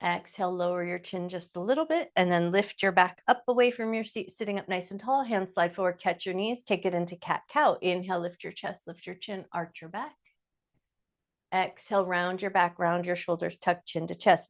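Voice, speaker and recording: A woman teaching chair yoga, calmly cueing each breath and movement in short, slow phrases. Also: medium pitch. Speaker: yoga instructor. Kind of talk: guided chair yoga instruction.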